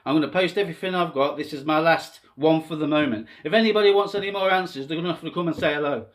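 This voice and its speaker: A man's voice: fairly high pitch, fast. Impassioned rambling man, swearing freely. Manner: swearing, rambling, swings between calm and impassioned. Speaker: self-styled candidate vlogger. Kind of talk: rambling emotional monologue to camera.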